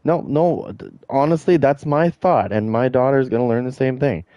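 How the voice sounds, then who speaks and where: A man's voice: medium pitch, normal speed, no room sound, highs cut off. A middle-aged man streaming a game, ranting in a blunt, profane, rambling way. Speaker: gaming streamer. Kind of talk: casual rant while streaming.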